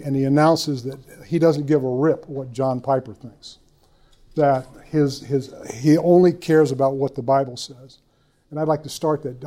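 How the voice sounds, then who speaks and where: An older man teaches a church group in a loose, storytelling way, doubling back and repeating himself as he goes. His voice is mellow and warm and sits a little higher than most men's. He talks to the room like a friend joking with his audience. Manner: folksy, rambling, self-deprecating, repeats words. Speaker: speaker at a church conference. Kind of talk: informal teaching talk with stories.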